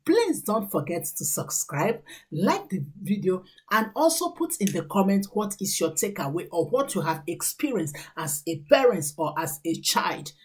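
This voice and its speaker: A woman's voice: on the low side, big pitch swings, normal speed, breathy edge. A woman, a mother who hosts her own channel, giving earnest, preachy parenting advice to camera and counting off numbered points.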